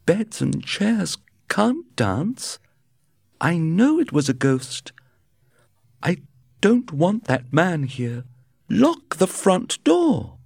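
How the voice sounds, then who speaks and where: A man reading a storybook, voicing a frightened middle-aged innkeeper's wife in a high, shaky voice. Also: wildly swooping pitch, very slow, creaky, hardly any pauses, dark tone, slightly rough, dry recording, exaggerated voice.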